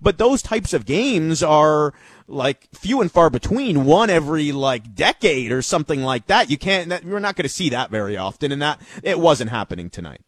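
A man's voice: a little high, sing-song, moderate pace, dry recording. A man talking emphatically on a post-game basketball panel, tossing in questions to the others. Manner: emphatic, conversational, asks tags like right. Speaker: basketball reporter.

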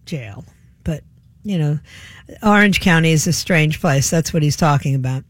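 A woman's voice: deep voice, measured pace, pauses often, no echo. A woman hosting a talk radio show, delivering an opinionated, sarcastic monologue into a studio microphone. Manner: sarcastic, scoffing, laughs at the news.

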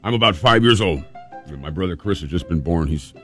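A middle-aged man with a lowish voice tells a story from his childhood. He talks in a relaxed, chatty way, with restarts and acted-out dialogue, and faint music plays underneath. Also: a little fast. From California. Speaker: storytelling show host. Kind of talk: casual personal storytelling.

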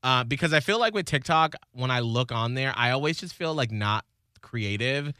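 Bright-voiced man in casual chat. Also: medium pitch, moderate pace, clean tone, no echo, studio quality. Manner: animated, rising to excited outbursts. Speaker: podcast co-host.

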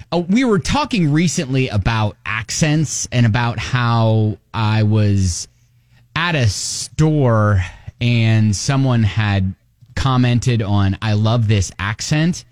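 A man's voice: on the low side, dry recording, studio quality. A middle-aged man with a Kentucky accent hosting a casual morning radio chat, rambling with fillers and laughs. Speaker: radio show host. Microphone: studio mic.

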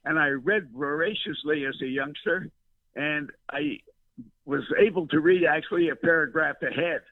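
An older man, a veteran broadcaster, rambles through his memories with fillers and restarts. His fairly high voice comes over a thin, phone-like line. The sound is dry and close. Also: moderate pace, no echo. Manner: storyteller, many fillers and restarts. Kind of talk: rambling reminiscing interview.

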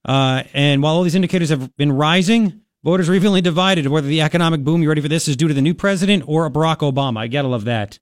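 Radio host, male, thirties, chatty and rambling, a touch high-pitched, dry studio sound. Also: rapid-fire, few pauses, no room sound. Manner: rambling, chatty, lots of restarts and fillers. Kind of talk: casual talk radio monologue.

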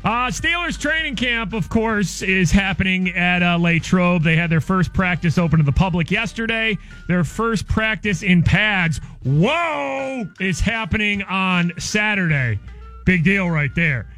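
A male morning radio host, energetic and playful, reading listener tweets at a studio microphone. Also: high-pitched, measured pace, faint music behind.

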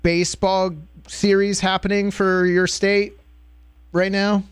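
A man's voice: sits high, completely flat delivery, slow pace, smooth, dry recording, studio quality. A man co-hosting a radio call-in show, playful and joking as he guesses. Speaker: radio co-host. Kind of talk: casual radio chat. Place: radio studio.

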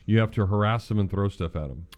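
A man co-hosting casual sports talk, joking and animated. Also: on the low side, quick pace. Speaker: sports radio co-host.

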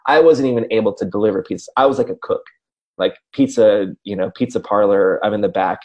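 Man in his 40s, low husky voice, casual podcast storyteller with a rambling, self-mocking delivery. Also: fairly quick, highs cut off. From Racine, Wisconsin, USA. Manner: rambling, self-deprecating, full of asides like "you know" and "right?". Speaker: podcast co-host, radio personality.

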